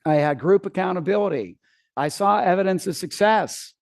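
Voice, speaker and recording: A man's voice: sits high, normal speed, a little mellow, no room sound. A middle-aged man telling a story from a seminar stage, acting out his own panic and swearing casually. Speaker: seminar speaker. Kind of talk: live seminar talk.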